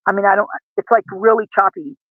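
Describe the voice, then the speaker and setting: A man's voice: high-pitched, fast, dry recording. A man in casual chat as a livestream guest, talking earnestly in a rambling, self-correcting way. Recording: tinny dry call audio.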